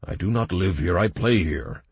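A man voicing a hoarse, blunt male dwarf scout in an audiobook. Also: deep voice, moderate pace, no echo, full character voice.

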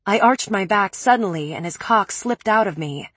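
A woman's voice: mid-range voice, expressive, normal speed, fairly bright tone, breathy edge, dry recording. A woman reading first-person audiobook narration with intense, emotional storytelling.

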